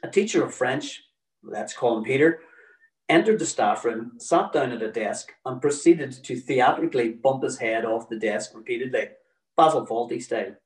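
A man's voice: mid-range voice, lively intonation, moderate pace, reverberant, far from the mic, rough recording. Wry man telling a story. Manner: dry, wry storytelling with acted quotes. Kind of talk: told personal story, read aloud.

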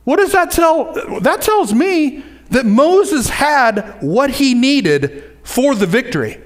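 A man with a high voice preaches a sermon in a lively way. He repeats phrases for emphasis and drops in casual asides to his listeners. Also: takes it slowly. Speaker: pastor.

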